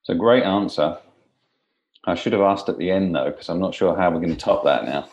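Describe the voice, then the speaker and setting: Deep-voiced male podcast host. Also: a little fast, darkish tone, lo-fi sound. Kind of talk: interview questions.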